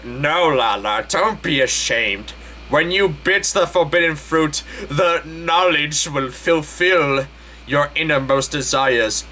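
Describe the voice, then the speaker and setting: A man voicing a male wizard professor who speaks calmly, softly and low, drawing out his words. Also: slow pace, slight background noise. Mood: sultry. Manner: calm, soft, low and drawn out.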